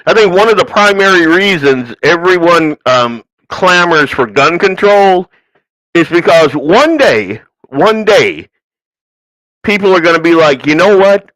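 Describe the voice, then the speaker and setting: A man's voice: a little high, expressive, measured pace, fairly bright tone, no room sound, low-quality recording. A man hosting a political commentary podcast who talks in a ranting, sarcastic way, with mocking asides and put-on quotes. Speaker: podcast host.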